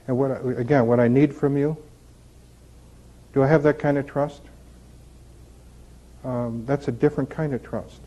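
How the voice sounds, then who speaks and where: A man with a slightly high, somewhat mellow voice gives a casual recovery talk. He tells honest stories and poses rhetorical questions, and the audio is dull and lo-fi.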